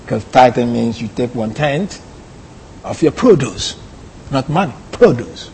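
A man teaching a Bible lesson, deliberate and repeating key phrases. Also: medium pitch, lively intonation, gravelly, darkish tone, a little hiss or hum. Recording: long hall reverb.

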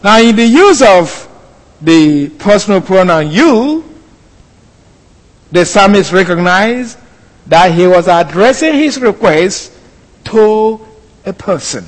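A male pastor preaching a sermon with slow, emphatic, deliberate delivery. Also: sits high. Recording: long hall reverb.

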